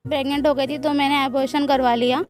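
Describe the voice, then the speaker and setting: Fast-talking high-pitched woman telling a story. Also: little pitch movement, no echo, studio quality. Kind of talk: personal anecdote.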